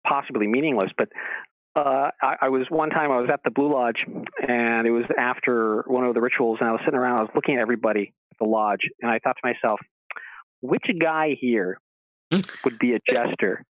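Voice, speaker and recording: A man's voice: mid-range voice, steady tone, fast, no room sound. A man telling a long rambling story as a guest on a radio show, stammering through restarts and acting out the people he quotes. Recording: dry phone-line sound.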